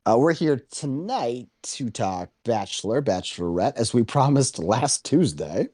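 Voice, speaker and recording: A man's voice: medium pitch, lively intonation, measured pace, a little mellow, breathy edge, no room sound, studio quality. A man hosting a casual podcast with friends, joking around and swearing freely. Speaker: podcast host. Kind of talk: casual banter among friends.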